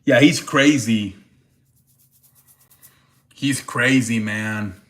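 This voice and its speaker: A man's voice: mid-range voice, extremely slow, fairly bright tone. A man hosting a casual livestream, chatting loosely with cursing and laughter and greeting viewers by name. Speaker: livestream host.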